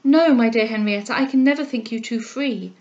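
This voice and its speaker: A composed, kind young lady who speaks gently and with measured care, her tone fairly high, as a woman reader gives her voice. The recording is slightly lo-fi and dull. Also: natural voice. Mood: gentle, earnest.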